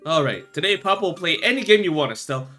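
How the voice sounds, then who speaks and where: A man voicing a gentle, doting middle-aged father in a game, reading his lines warmly. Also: a little high, lively intonation, fast talker, faint music behind. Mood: tender.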